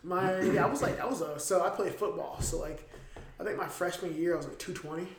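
Thirties guy from ohio, kinda high voice, swears a lot, rambles, roomy echo. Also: fairly quick, slight background noise. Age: 30s. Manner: loose, profane, rambling with many restarts. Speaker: fighter. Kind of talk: casual chat.

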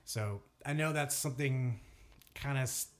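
A man's voice: mid-range voice, unhurried. A man co-hosting a podcast, telling a story in casual chat with many fillers and restarts. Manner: rambling storyteller, lots of fillers. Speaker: podcast co-host.

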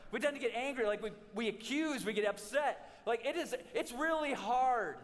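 A man in his forties, a pastor giving an animated sermon with humorous stories and quick restarts. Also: very high voice. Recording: reverberant hall.

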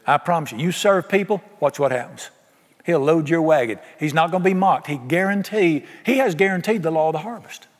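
A man preaching a sermon, folksy and animated, often acting out what people say. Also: a little high, a little fast. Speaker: pastor. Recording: long hall reverb.

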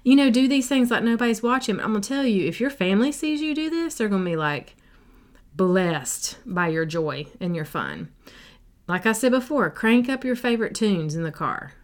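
A woman's voice: medium pitch, very animated, moderate pace. Bubbly woman podcast host. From South Carolina, USA. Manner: bubbly, chatty, silly and sassy, lots of "like". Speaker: podcast host and life coach. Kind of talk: casual solo podcast chat. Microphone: podcast microphone.

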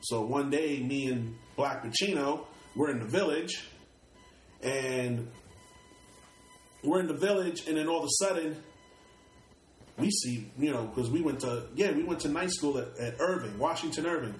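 A man's voice: on the high side, moderate pace, pauses often. Streetwise New York man, roomy sound. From Brooklyn, New York. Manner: streetwise, repeats and restarts words, swears casually. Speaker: rapper interview guest. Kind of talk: casual storytelling interview.

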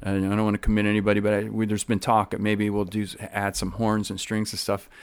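Male musician guest, lowish voice, dry close sound, hesitant and full of fillers. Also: completely flat delivery, fast, smooth, no room sound. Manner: hesitant, many fillers, hedging. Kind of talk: casual interview chat.

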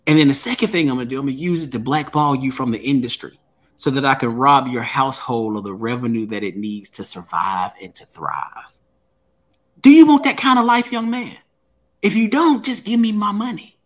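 A man voicing an older business partner who calmly threatens him in a mafia-style way. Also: mid-range voice, a little fast, natural voice. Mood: menacing. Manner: mafia-style threatening, calm and matter-of-fact. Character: menacing older male business partner, smug bully.

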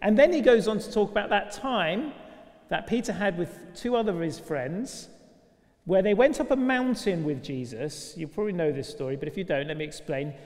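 High-voiced preacher in echoing church. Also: male voice, normal speed. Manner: lively, conversational, full of rhetorical questions. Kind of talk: sermon. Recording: long reverb of a large church.

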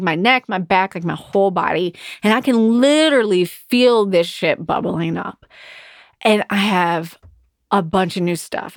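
A woman's voice: medium pitch, dry recording, studio quality. A woman in her thirties hosting a podcast, telling a candid personal story with frank language and heavy swearing. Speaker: podcast host.

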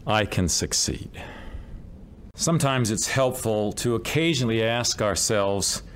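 Deliberate man giving a sermon. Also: lowish voice. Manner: slow, deliberate, emphatic reading of scripture. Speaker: religious speaker. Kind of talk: devotional sermon.

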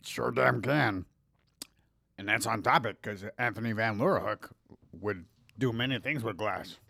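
A man's voice: on the low side, moderate pace, sharp tone, slight background noise. A man co-hosting a podcast in casual, crude banter, rambling and joking, a few drinks in. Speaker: podcast co-host.

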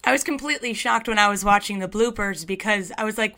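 A woman's voice: mid-range voice, brisk, hardly any pauses, pushed and bright. A woman radio host asking interview questions in an enthusiastic, admiring way.

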